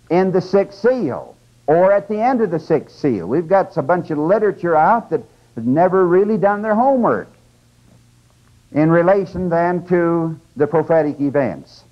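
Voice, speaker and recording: A man's voice: a little high, expressive, measured pace. An older man giving a conversational, emphatic religious lecture, with teaching asides to his audience. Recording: dull lo-fi lecture tape.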